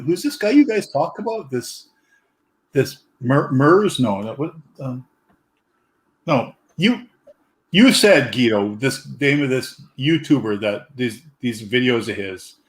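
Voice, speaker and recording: A man's voice: mid-range voice, expressive, a little slow. A man hosting a casual chat, rambling and searching for his words.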